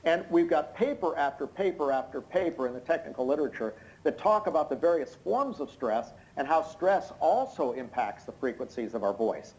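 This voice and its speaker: Hoarse, tired man testifying over video call. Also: fairly high pitch, sing-song, moderate pace, hardly any pauses, rough recording. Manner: unnaturally loud; explanatory, with many hesitant fillers. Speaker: expert witness. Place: indoors in London at night.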